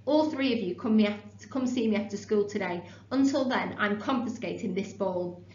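A woman's voice: medium pitch, normal speed, darkish tone, distant mic, lightly acted. A woman doing a cold, scolding schoolteacher who hates noise, roomy, muffled. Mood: stern. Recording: roomy room, dull lo-fi sound.

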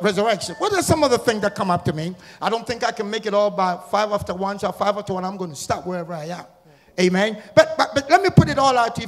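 High-voiced preacher man, booming church hall. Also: quick pace. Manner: repetitive questioning, builds to shouting, sing-song cadence. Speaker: guest pastor. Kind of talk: Easter sermon with call-and-response. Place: church sanctuary. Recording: church hall reverb with music.

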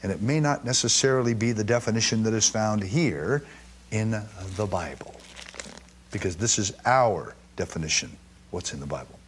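A man from Jerusalem teaching the Bible to a live and streaming audience, reading verses with emphatic stress and stumbling through quick restarts. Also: on the low side, lively intonation, slight background noise.

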